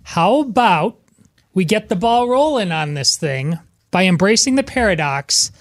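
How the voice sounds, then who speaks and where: A man co-hosting a talk show, dropping dry deadpan quips. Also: high voice, unhurried. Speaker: show co-host.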